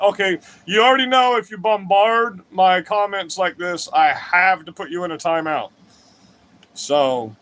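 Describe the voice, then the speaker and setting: This man's voice sits high and sounds a bit bright. Hosting a livestream, he delivers a profane, combative political rant to his chat, full of swearing and wandering tangents.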